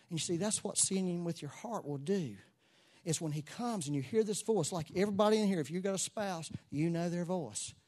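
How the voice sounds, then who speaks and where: A man preaching a sermon to a church congregation, moving between soft asides and loud exclamations. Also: fairly high pitch. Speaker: pastor.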